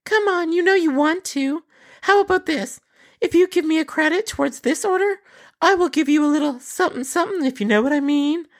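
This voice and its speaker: A man's voice: extremely high pitch, fairly quick, voice pushed up. A man voicing a brazen, flirty woman customer who schemes for a free pizza in a wheedling, sing-song voice.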